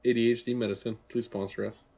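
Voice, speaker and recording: A man's voice: medium pitch, little pitch movement, quick pace, vocal fry, mellow. A man co-hosting a podcast in casual chat, joking and swearing loosely. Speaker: podcast co-host. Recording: slightly dull lo-fi audio.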